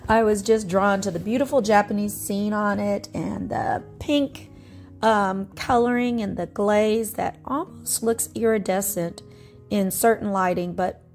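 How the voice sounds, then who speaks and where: A middle-aged woman vlogger chatting about her thrift finds in a nostalgic, friendly way, laughing often. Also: mid-range voice. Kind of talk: casual show-and-tell narration.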